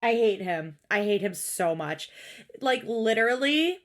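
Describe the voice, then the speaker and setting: A woman with a slightly high voice chats casually as a podcast co-host, recapping a show. She rants in exasperation, swears freely and slips into quick impressions of the people she talks about. It is an unscripted, loose conversation. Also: animated. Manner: exasperated, swears often, mimics people in quotes.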